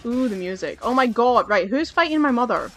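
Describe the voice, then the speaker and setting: A woman's voice: fairly high pitch, animated, brisk, a bit bright. A woman hosting a gaming channel, rambling and swearing through casual gameplay commentary, with her mic a little far away. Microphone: desk mic, a bit far from her face.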